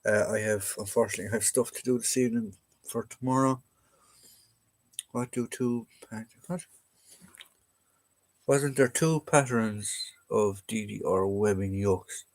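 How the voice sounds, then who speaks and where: A man's voice: on the low side, a little slow, pauses often. A young Irish man hosting a casual militaria livestream, rambling and joking as he reads out viewer comments and questions. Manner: chatty, rambling, jokey, answers chat comments aloud. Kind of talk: casual live chat reading viewer questions.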